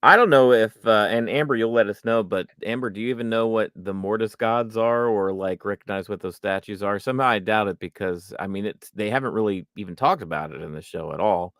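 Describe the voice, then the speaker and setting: A man's voice: on the low side, a little fast, hardly any pauses, a bit bright, dry recording, clean studio sound. A man hosting a podcast, chatting emphatically and addressing listeners. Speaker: podcast host. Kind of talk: casual fan discussion.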